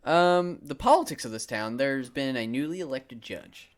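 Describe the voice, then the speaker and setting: Male game master, casual and rambling, animated pitch. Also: normal speed. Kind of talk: narrating a tabletop game.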